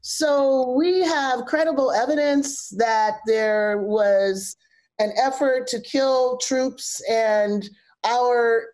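Reflective woman host, slightly high voice. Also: darkish tone. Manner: reflective, builds rhetorical questions. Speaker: podcast host. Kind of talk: conversational interview.

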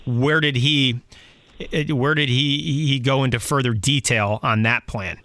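Bright-voiced radio host. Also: male voice, medium pitch, fairly even intonation, a little slow, dry recording. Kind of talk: sports talk radio.

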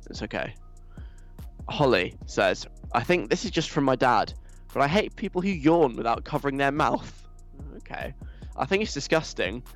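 A young man hosting a radio show, reading listener messages aloud and answering them in a teasing, mock-stern way. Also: mid-range voice. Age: young adult.

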